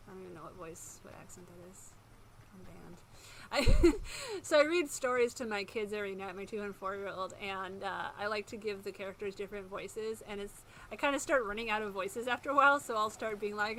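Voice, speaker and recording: A woman's voice: mid-range voice, very animated, moderate pace, fairly bright tone. Chatty woman streamer rambling over game noise. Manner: chatty, rambling, self-mocking, laughs often. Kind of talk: casual gameplay commentary. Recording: game sound noise in the background.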